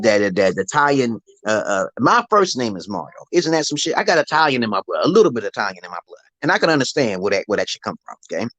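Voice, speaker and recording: Middle-aged male stream host, rambling and profane, lively swooping pitch, dry close phone sound. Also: dry recording. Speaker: livestream host. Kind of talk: rambling live-stream monologue.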